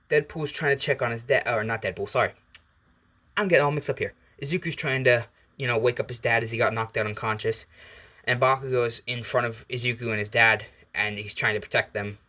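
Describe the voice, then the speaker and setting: A man's voice: medium pitch, fairly bright tone. A man casually retelling a fan story, rambling and laid-back, with fillers and casual swearing.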